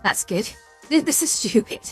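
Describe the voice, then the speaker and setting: High-voiced British woman streamer. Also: lively intonation, normal speed, over music. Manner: chatty and self-mocking, swears and stumbles over hard words. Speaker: streamer hosting a quiz game. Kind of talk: casual live-stream chat, reading quiz questions aloud.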